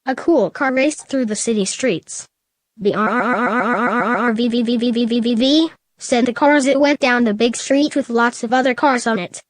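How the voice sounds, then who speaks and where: A woman reading a fan story aloud in a flat, matter-of-fact way. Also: high-pitched, normal speed, hardly any pauses, no room sound. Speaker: narrator.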